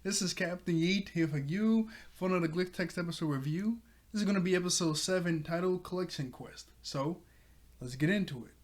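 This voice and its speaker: A man with a somewhat higher voice recaps an episode in a loose, chatty way. He laughs often in the middle of sentences and corrects himself as he goes. When he quotes the characters, his voice jumps higher and gets louder. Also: a little fast. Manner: restarts and self-corrections. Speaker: show reviewer. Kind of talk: casual episode review.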